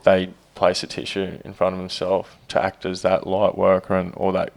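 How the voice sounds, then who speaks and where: A man's voice: low-pitched, monotone, normal speed, vocal fry, darkish tone. A man in casual podcast chat, laid-back, with many fillers and casual swearing. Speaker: podcast co-host, stepdad.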